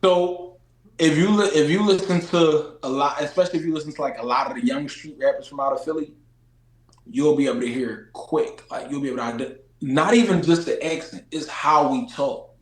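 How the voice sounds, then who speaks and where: A man from Philadelphia with a Philadelphia accent, an interview guest in casual chat, animated and slangy, repeating phrases for emphasis. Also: on the high side, fairly quick, echoey room, rough recording. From Philadelphia, USA.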